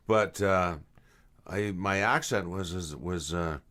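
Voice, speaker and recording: A man's voice: low voice, slow. A middle-aged man from England with a Canadian accent, telling stories in a casual interview and acting out the voices he quotes. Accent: Canadian English. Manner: animated, acts out quoted voices. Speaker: voice actor guest.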